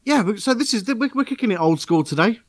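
A man's voice: sits high, expressive, fast, dry recording. A man hosting a podcast in casual chat, full of upbeat banter, laughs and stammered restarts. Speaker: podcast host.

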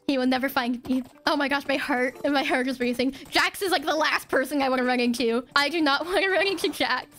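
Young woman gamer, high voice, giggly, excitable, casual commentary, faint music behind. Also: brisk, few pauses. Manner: excitable and giggly, talks to herself. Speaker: gaming video creator. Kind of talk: casual let's-play commentary.

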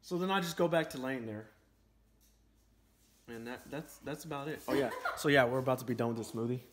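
A man's voice: medium pitch, a little fast, noisy background. A man chatting to the camera, telling a story and acting out the quotes. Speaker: vlogger. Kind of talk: casual storytelling. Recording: echoey room.

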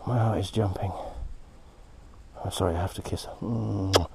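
A man hosting a casual vlog outdoors at a quarry. He talks excitedly, gasping and dropping into breathy whispers. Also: low voice, moderate pace, pauses often, background noise. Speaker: host, moldavite hunter.

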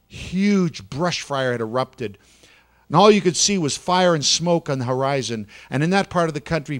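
A man telling a children's story in a church service, dramatic, moving between hushed and louder passages and slowing down for effect. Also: a little high.

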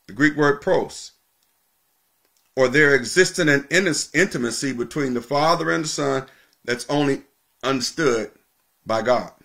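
A man preaches from the pulpit in a steady mid-range voice. He teaches with emphatic repetition, drawing out important words slowly to drive them home. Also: mid-range voice, gravelly. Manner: emphatic teaching, repeating key phrases, slowing for stress. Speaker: pastor. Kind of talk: sermon.

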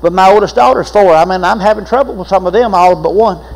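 High-voiced folksy preacher. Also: male voice, fast, creaky, low-quality recording. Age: older. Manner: folksy storytelling preacher with laughs and repeated phrases. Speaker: pastor. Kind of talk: sermon.

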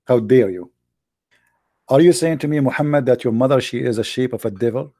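This English-speaking debate show host argues a heated religious point combatively and sarcastically, in broken English, frequently restarting his phrases. His medium-pitched voice is brisk and mellow, captured cleanly in a studio with no room sound.

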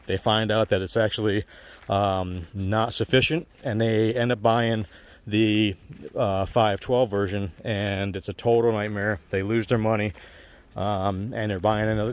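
A man casually explaining phone tech to viewers, rambling with many fillers and restarts. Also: lowish voice. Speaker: channel host giving phone advice.

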